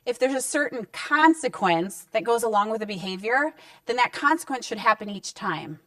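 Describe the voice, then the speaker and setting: Woman counselor, relaxed and reassuring parenting talk, dry and slightly distant mic. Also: a little high, normal speed, no room sound. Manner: conversational and reassuring, acting out short parent-child exchanges. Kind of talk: direct-to-camera parenting advice talk. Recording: dry sound with the mic set back.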